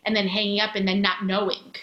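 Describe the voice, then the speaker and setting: A woman interviewer thinking out loud in a reflective conversation, searching for her words and using lots of fillers. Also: medium pitch, little pitch movement, quick pace, dull audio. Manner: thoughtful, searching, filler-heavy. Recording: roomy echo.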